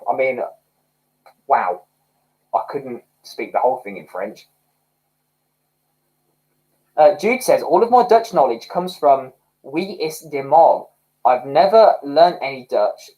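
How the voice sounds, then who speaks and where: A man's voice: on the high side, a little mellow, rough recording. A young man chats his way through a livestream. He rambles and talks expressively, his voice rising and falling a great deal as he reads out viewer comments. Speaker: livestream host. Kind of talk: casual livestream chat reading comments.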